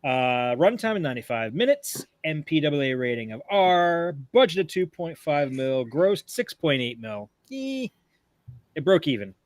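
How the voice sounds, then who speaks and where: A man's voice: fairly high pitch, moderate pace, no room sound. A man co-hosting a horror movie podcast, reading film facts from his show notes and joking with his friends in casual chat. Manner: animated, joking banter. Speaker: podcast co-host.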